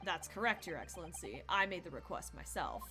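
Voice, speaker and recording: A woman voicing a confident young male defense lawyer in a game, with a put-on British accent in a lowered voice. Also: expressive, a little fast, sharp tone, faint music behind.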